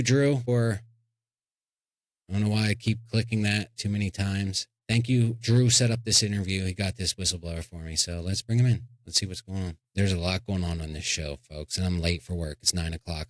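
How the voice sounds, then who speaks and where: A man's voice: deep voice, steady tone, brisk, no echo. A man hosting a comedic podcast, rambling and joking as he introduces segments and guests. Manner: rambling, joking, self-interrupting. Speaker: podcast host.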